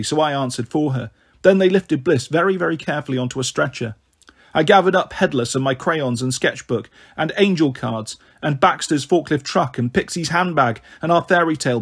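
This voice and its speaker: A man reading a children's novel aloud in a measured, earnest storytelling manner. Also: fairly high pitch, husky. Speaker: audiobook reader. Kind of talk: scripted narration of a children's novel.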